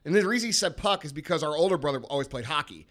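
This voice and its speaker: A man's voice: fairly high pitch, animated, racing, a bit bright. A man in his thirties hosting a podcast, telling stories in an emphatic, profane, casual way. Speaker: podcast host.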